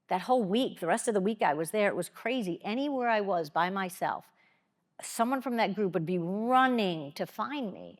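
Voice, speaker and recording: A woman giving a motivational keynote talk, telling a personal story with dramatic pauses and acting out what others said. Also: mid-range voice. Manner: expressive, dramatic pauses, quotes people aloud. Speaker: keynote speaker. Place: large conference hall. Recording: long hall reverb.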